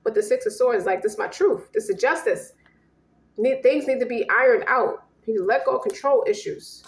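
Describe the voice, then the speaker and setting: A woman's voice: a little high, brisk, reverberant. A woman giving a casual tarot reading in a blunt, profane way, voicing both partners in turn. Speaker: tarot reader.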